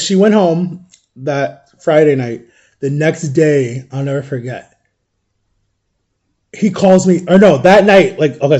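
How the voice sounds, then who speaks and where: A man's voice: fairly high pitch, dark tone. A young man casually telling a personal story, acting out what others said and often checking in with "right?". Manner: chatty, acts out quoted dialogue, often tags "right?". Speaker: vlogger.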